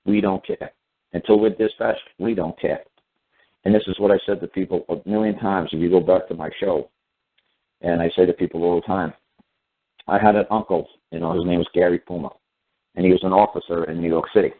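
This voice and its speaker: A middle-aged man with a low voice hosts a casual radio talk show, speaking bluntly and circling back over his own points. His voice reaches the listener through a thin, tinny phone-line sound. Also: steady tone, fast talker. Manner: blunt storytelling with frequent repetition and restarts.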